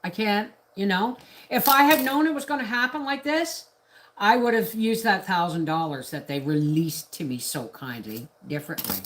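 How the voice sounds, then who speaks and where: A woman's voice: medium pitch, lively intonation, normal speed, fairly bright tone, a little hiss or hum. A middle-aged woman from Canada talking on a casual live stream, ranting in a rambling, indignant way with restarts. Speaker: homestead vlogger on a live stream.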